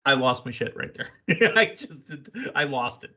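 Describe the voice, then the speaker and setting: A man hosting a casual wrestling recap podcast, excitable and quick with asides and laughs. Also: mid-range voice. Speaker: podcast host.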